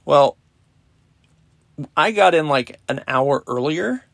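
Gravelly middle-aged man telling stories. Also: fairly high pitch, takes it slowly, dry recording. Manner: profane, animated retelling with quoted dialogue. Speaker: podcast host. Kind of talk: casual storytelling monologue. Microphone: podcast app recording.

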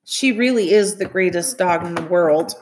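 A woman's voice: on the low side, normal speed, close to an everyday voice. A woman reading aloud, voicing a tearful teenage girl who urges her little brother along. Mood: upset, tearful. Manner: pleading, tearful. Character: worried teenage girl, big sister.

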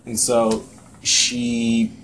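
A man's voice: drawn-out words, fairly bright tone, slight background noise. A man co-hosting a podcast in casual chat, rambling and profane, getting worked up when he rants. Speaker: podcast co-host.

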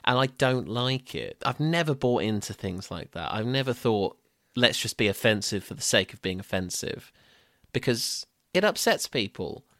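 A man's voice: medium pitch, a bit bright, dry recording, clean studio sound. A young man co-hosting a film review podcast, chatting casually with frequent stumbles and laughs. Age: young adult. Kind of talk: casual chat.

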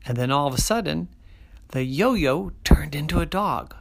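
A storyteller telling a children's story in a slow, sing-song way, dropping to soft asides. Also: medium pitch, lively intonation, gravelly.

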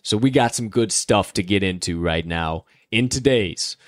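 A man's voice: fairly low pitch, normal speed, dry recording, studio quality. A young man from the Chicago area hosting a sports betting podcast in a casual, upbeat, hype-filled way. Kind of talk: casual chat.

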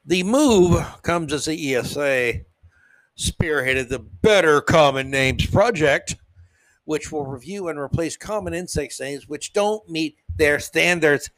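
A man hosting a podcast, ranting in a sarcastic, mock-outraged comedic monologue. His voice sits a little high and he mocks freely. The sound is dry and close-miked with no room echo. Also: lively intonation, slow pace, a bit bright. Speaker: podcast host.

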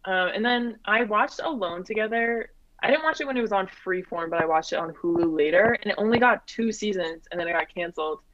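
A young woman in her twenties chatting casually as a comedian guest, full of fillers and quick laughs. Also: mid-range voice, fairly bright tone, a little hiss or hum. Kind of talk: casual chat. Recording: dull lo-fi, dry.

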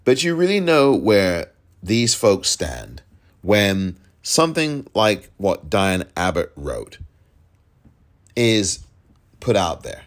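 Emphatic low-voiced male podcast host. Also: wildly swooping pitch, takes it slowly. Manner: emphatic, exasperated, repeats points for stress. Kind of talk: solo political commentary.

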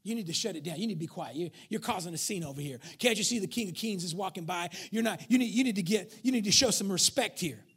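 A male preacher voicing self-righteous churchgoers who scold in a hushed, hurried way. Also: high-pitched, expressive, slightly rough, pitched below the performer's own voice, exaggerated voice.

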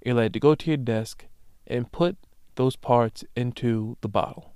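A man's voice: mid-range voice, unhurried, clean tone, no echo. Young male podcast host, emphatic profane rant, resonant voice, dry close mic. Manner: emphatic, profane, with loud animated bursts. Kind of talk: solo comedic podcast rant.

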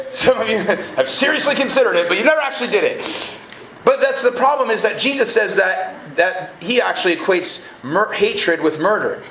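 A man's voice: high-pitched, a bit bright. A man preaching a live sermon as a college ministry director, conversational and joking, often checking in with his listeners. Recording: roomy live room recording with faint noise.

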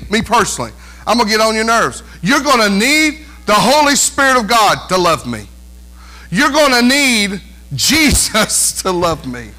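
Male pastor, high voice, preaching a lively sermon, often drops into mocking whiny impressions. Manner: animated preaching, mimics whiny voices, calls for amens.

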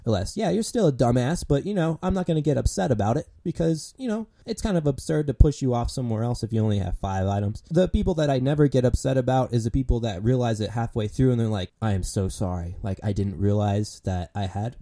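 A man's voice: medium pitch, lively intonation, fast talker, few pauses, dark tone. A young man ranting casually about his job as a grocery cashier, swearing often and sounding exasperated. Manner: profane, exasperated, lots of fillers.

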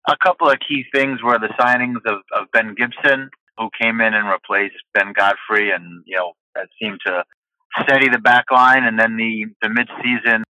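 Low, sharp-toned man explaining at length. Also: steady tone, normal speed, dry recording, low-quality recording. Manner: explains at length, heavy on fillers. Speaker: podcast guest, football fan. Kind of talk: casual chat.

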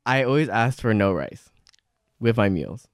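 Teen boy, podcast co-host, rambling filler-heavy chat, lively pitch, dry sound. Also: unhurried, dry recording. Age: teens. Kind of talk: casual chat.

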